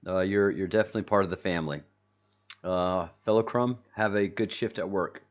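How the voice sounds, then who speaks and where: A man with a very deep voice hosts a loose livestream, reading viewer comments aloud and circling back on his own sentences. The audio is dull and lo-fi, like a basic home stream setup. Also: brisk. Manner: rambling, repeats and restarts, reads chat aloud. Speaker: channel host. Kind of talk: casual livestream chat with viewers.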